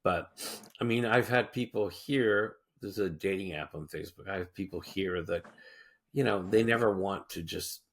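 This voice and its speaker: A man co-hosting a talk show, chatting casually in a halting way with many fillers. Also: low-pitched, fairly bright tone. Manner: halting, filler-heavy, trails off. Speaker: podcast co-host. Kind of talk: casual chat.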